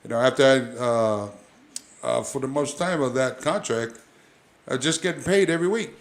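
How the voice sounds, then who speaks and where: Rambling former wrestler telling stories. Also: male voice, mid-range voice, moderate pace. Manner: rambling, many fillers and restarts. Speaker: guest, former pro wrestler. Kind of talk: casual interview storytelling.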